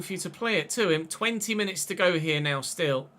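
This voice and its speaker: A man, chatting and commentating excitedly while streaming a football game. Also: on the high side, fairly quick, hardly any pauses. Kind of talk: live gameplay commentary.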